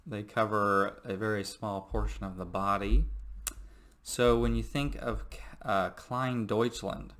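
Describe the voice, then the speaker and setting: Male history teacher, lower voice, loose and jokey lecture delivery with lots of fillers. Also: a bit bright. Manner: jokey, rambling, many fillers. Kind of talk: recorded classroom lecture.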